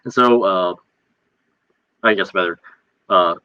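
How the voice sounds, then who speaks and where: Man, veteran guest, lively storyteller, bright voice, dry dull lo-fi audio. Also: deep voice, takes it slowly, smooth, no room sound. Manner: animated, acts out quoted shouts. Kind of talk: casual storytelling.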